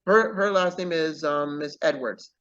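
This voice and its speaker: An author guest with a fairly high, fairly bright voice talks in an unhurried way during a casual interview, and the highs are cut off. He's earnest and tends to tack "okay?" onto his points.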